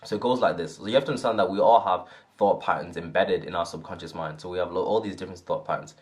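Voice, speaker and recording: Man, low-pitched, earnest, casual self-help talk, repeats "right?". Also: fast, darkish tone. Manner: earnest, repetitive, often asks "right?".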